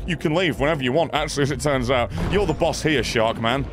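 A man giving profane, excitable let's play commentary, often yelling at the game. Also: mid-range voice, quick pace, over loud music. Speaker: gaming channel host.

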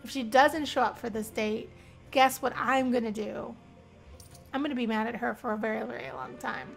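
Brief: young woman host, high voice, excitable let's-play commentary, quick to squeal and laugh. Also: gravelly, faint music behind. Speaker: gaming channel host.

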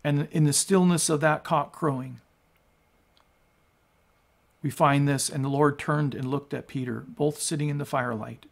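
A male pastor giving a sermon and reading scripture, emphatic and rising to loud peaks on quoted lines. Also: a little high, fairly even intonation, moderate pace, vocal fry, long pauses. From United States.

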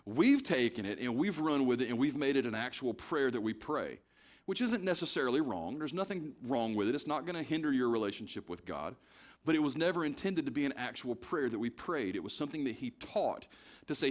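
A man's voice: on the high side, lively intonation, a little fast. A man preaching a conversational sermon as pastor, retelling scripture scenes casually and pressing his points with repetition.

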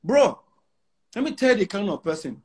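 Nigerian man in his 40s with a Pidgin-laced accent, boastful interview guest, high husky voice with lively swings. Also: normal speed. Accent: Nigerian English with Pidgin. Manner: emphatic, repeats himself, mixes in Pidgin.

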